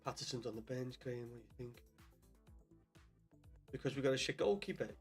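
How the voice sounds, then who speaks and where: A man's voice: mid-range voice, a little fast. Young Scouse man, live-stream host, casual sweary chat, mid-range voice, faint music underneath. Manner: chatty, swears often, calls viewers lad. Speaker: livestream host.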